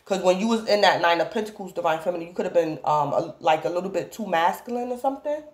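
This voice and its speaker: A woman's voice: lowish voice, lively intonation, quick pace, echoey room. A woman giving a casual tarot reading, rambling and repeatedly calling out to her viewers by the same phrase. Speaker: tarot reader.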